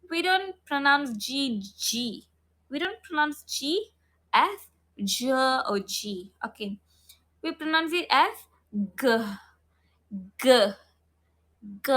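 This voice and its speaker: A woman's voice: high voice, pushed and bright. A woman teaching phonics online, repeating each sound over and over and checking in with the learner. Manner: models mouth shape and breath for learners.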